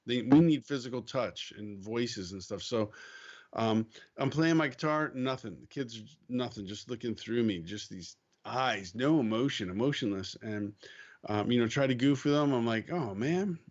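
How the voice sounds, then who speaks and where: Man telling a lively story. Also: medium pitch, normal speed, muffled recording. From United States. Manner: animated storyteller, acts out quotes, laughs easily. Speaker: podcast guest, missionary. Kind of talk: casual storytelling.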